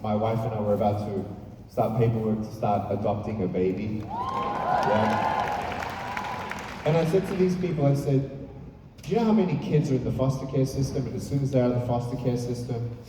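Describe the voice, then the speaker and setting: A man giving an animated motivational speech from a stage, telling stories with playful asides to the crowd. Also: medium pitch, moderate pace, pauses often, a little hiss or hum. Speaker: motivational speaker. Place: large hall on stage. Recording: echoey hall from far off.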